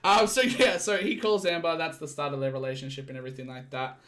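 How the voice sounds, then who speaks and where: A young man hosting a casual chat, recapping a show with stumbles and quick acted-out quotes. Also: fairly high pitch, fairly even intonation, a bit bright. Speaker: podcast host.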